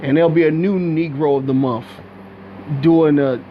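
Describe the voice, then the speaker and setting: High-voiced man ranting bluntly. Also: steady tone, moderate pace, narrow, tinny audio, a little hiss or hum. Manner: blunt, profane, rambling, with many restarts. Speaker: video commentator. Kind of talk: unscripted commentary rant.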